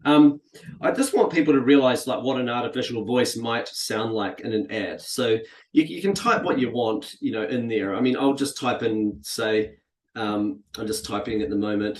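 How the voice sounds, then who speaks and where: A man hosting a casual interview, talking in a relaxed, chatty way with many fillers. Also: on the low side, normal speed. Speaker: host. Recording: echoey room.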